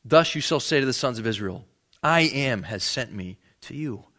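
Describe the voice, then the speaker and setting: A man's voice: mid-range voice, lively intonation, normal speed, a bit bright. A man preaching a sermon, reading scripture and explaining it in a conversational way, acting out the lines of the people in the text. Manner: conversational, acts out the characters' lines in the passage. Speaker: pastor.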